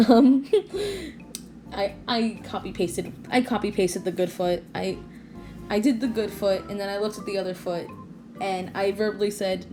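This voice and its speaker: A young woman rambling casually at home about her own character drawing, restarting sentences and laughing often. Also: medium pitch. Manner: rambling, self-interrupting, giggly. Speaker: artist vlogger. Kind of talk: casual late-night rambling.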